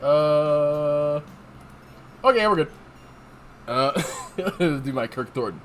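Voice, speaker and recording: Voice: mid-range voice, expressive, extremely slow, pauses often, slight background noise. Joking, casual let's-play streamer.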